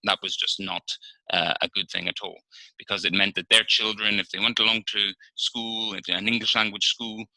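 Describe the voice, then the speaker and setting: A man's voice: fairly low pitch, steady tone, moderate pace, creaky, sharp tone, no room sound, rough recording. A young man with a Northern Irish accent gives a prepared practice speech in a frank manner, with many fillers and open irritation. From Northern Ireland. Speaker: speaker in an interpreting practice speech.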